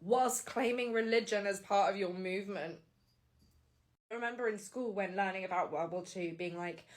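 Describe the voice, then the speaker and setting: Woman crying on camera, emotional monologue, cracks and swears. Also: moderate pace. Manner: emotional, swearing, pitch jumping up. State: tearful.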